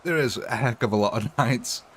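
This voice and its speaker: A man's voice: mid-range voice, moderate pace, fairly bright tone, slight background noise. A man casually chatting with viewers during a live stream, rambling and laughing often.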